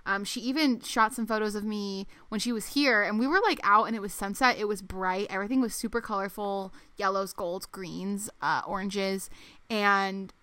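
Young female co-host, friendly casual chat, bright voice. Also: mid-range voice, normal speed, no room sound. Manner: friendly, chatty, trailing fillers. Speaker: podcast co-host.

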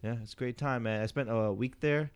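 A man's voice: medium pitch, a little fast, smooth. A man co-hosting a podcast in casual chat, laid-back and reacting with short words. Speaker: podcast co-host.

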